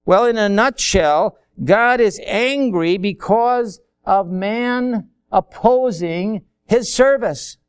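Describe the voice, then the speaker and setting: High-voiced slow-preaching man. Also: clear, resonant tone. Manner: folksy, acts out little dialogues. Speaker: pastor. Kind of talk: sermon.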